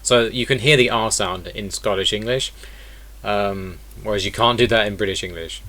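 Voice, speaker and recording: A man's voice: fairly low pitch, moderate pace, bright, forceful tone. Man casually explaining accent sounds. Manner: explains step by step, repeating example words. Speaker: accent teacher. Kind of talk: casual online lesson.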